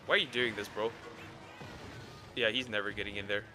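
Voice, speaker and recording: A young man streaming a game, chatting casually, cursing and yelling in bursts at the monster he fights. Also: lowish voice, fairly quick, music in the background. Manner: excitable, swears, yells at the game. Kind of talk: casual gaming commentary.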